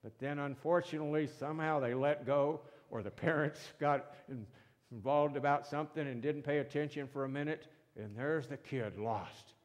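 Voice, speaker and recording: A male pastor preaching a sermon in a church, slow and emphatic, swinging between loud and soft. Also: a little high. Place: church sanctuary. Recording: long reverb of a church hall.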